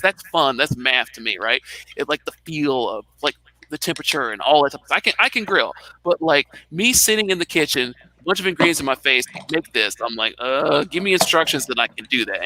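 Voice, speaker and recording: A man's voice: a little high, sharp tone, slight background noise, rough recording. A man co-hosting a casual chat, talking freely with lots of fillers and acted-out moments. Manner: chatty, many "like" fillers, plays out little scenes. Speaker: podcast co-host.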